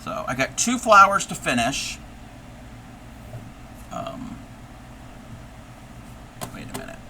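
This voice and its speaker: Male craft streamer, very bright, sharp tone, thinks aloud while working, faint AC hum behind. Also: fairly high pitch, wildly swooping pitch, takes it slowly. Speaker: live-stream host. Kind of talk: casual live-stream chat while crafting.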